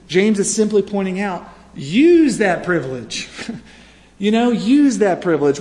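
A man whose voice is fairly high and a little mellow preaches a conversational sermon, recorded in a reverberant hall. His storytelling is full of fillers and frequent "right?" asides.

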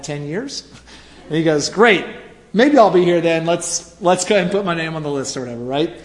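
A man preaching a conversational sermon, telling a story with lots of "right?" asides and fillers. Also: fairly high pitch. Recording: reverberant hall.

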